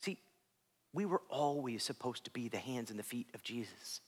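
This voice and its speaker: A man preaching a sermon as a pastor, telling stories animatedly and swinging between hushed near-whispers and loud, excited lines. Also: medium pitch, normal speed, husky. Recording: long hall reverb.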